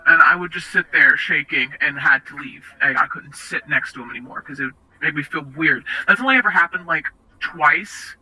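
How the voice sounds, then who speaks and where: A young woman being interviewed, recounting personal experiences in a halting, hesitant way with many restarts. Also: deep voice, animated, pushed and bright, slightly rough, low-quality recording. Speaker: interview guest.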